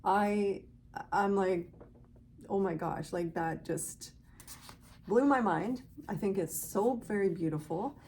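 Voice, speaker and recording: A woman's voice: medium pitch, slow, a little mellow, slight background noise. Chatty woman hosting a knitting podcast. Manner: chatty, gushing and grateful. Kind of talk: casual chat to viewers.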